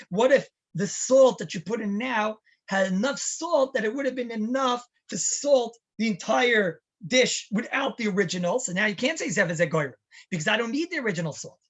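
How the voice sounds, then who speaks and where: Husky-voiced rabbi giving a class. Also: male voice, sits high, a bit bright. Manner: chatty, storytelling, asks rhetorical questions. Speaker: rabbi teaching a halacha class. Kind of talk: Torah class lecture.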